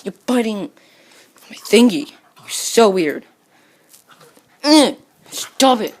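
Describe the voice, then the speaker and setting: In a home video, a woman casually talks to her pet dog, teasing and scolding it over and over with playful growls. Her mid-range voice has big pitch swings, a slow pace and frequent pauses.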